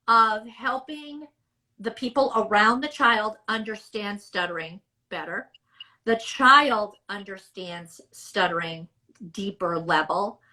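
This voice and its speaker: A middle-aged woman speech therapist giving measured, emphatic explanations in a podcast interview. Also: a little high, bright, forceful tone, low-quality recording.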